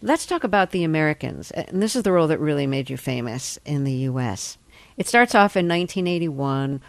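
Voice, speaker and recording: A woman interviewing an actor, asking measured, precise questions. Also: deep voice, expressive, vocal fry, no room sound.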